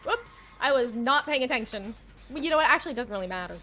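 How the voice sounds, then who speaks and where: A woman's voice: high voice, expressive, fast talker, bright, forceful tone. Chatty woman streaming a game. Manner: chatty, rambling, self-correcting, playful. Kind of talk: casual live-stream chat while gaming.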